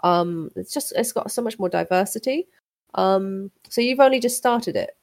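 A woman's voice: medium pitch, normal speed, a little mellow. Woman gushing in casual chat. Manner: enthusiastic, many ums and restarts. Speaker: podcast co-host.

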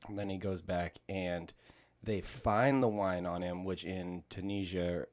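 A man in a casual movie chat, retelling a scene in a low-key way. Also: steady tone, measured pace. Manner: low-key storytelling, laughing asides.

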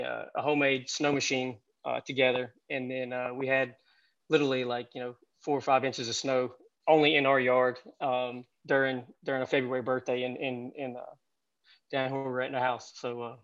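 A medium-pitched man in his thirties tells stories as a podcast guest, chatty and rambling with plenty of fillers. The recording sounds muffled.

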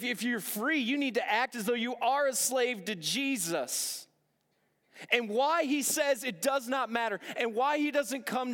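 An extremely high-pitched, fairly bright male voice preaches a sermon amid long, echoing hall reverb. The pastor is earnest, asking rhetorical questions and repeating phrases to drive points home.

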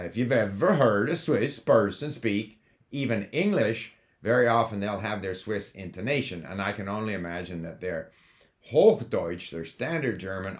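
A man with a somewhat low voice talks in a relaxed, conversational monologue. He is older and from Canada, and he drifts into side stories, dropping in fillers and restarting sentences as he goes. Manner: conversational, digressive, with fillers and self-corrections. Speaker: language learning host. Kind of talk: casual monologue.

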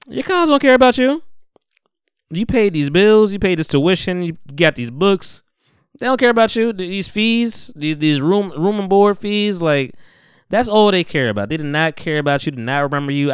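Young man, podcast host, laid-back slangy recap, smooth resonant voice, dry close sound. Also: mid-range voice, no echo. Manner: slangy, laid-back, acts out characters' lines. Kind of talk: casual chat, recapping a TV episode.

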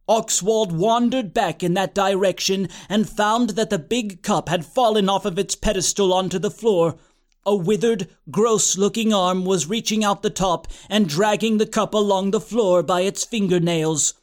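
A man's voice: high voice, darkish tone. A man reading a comic story aloud in a dry, matter-of-fact storytelling manner. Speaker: audiobook narrator. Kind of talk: scripted comic narration.

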